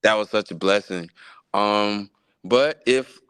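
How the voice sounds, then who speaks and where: A man with a low, bright, clear voice, chatting loosely as the guest in a live interview. He pauses, fills the gaps and starts his sentences over as he thinks. The sound is dry and close. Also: no echo. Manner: relaxed, loose speech with many fillers and restarts. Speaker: guest musician, gospel pianist.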